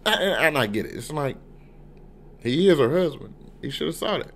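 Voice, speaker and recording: A man's voice: a little high, lively intonation, normal speed, creaky, fairly bright tone. A man casually reviewing a TV episode, talking loosely and profanely, and leaning on "you know what I'm saying". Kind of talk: casual unscripted review vlog.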